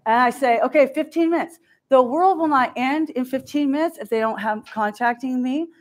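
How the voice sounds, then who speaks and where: At normal speed and with a high-pitched voice, a middle-aged woman delivers a keynote marked by candor and self-deprecation. She frequently acts out what people said to her.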